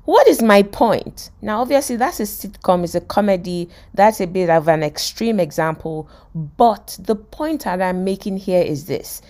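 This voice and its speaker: A woman hosting a self-help podcast, teaching a lesson and retelling a comedy scene with lively acted-out quotes. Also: mid-range voice, normal speed, hardly any pauses. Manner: lively storyteller who acts out quotes and laughs. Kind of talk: motivational talk retelling a sitcom scene.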